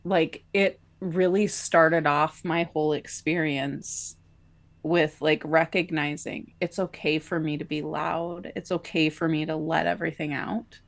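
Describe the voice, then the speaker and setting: A woman co-hosting a podcast tells a personal story in an easy, conversational way, peppering her talk with filler likes. Her voice sits a little low for a woman. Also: fairly even intonation, unhurried, creaky. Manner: chatty, many filler likes, laughs between phrases. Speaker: podcast co-host.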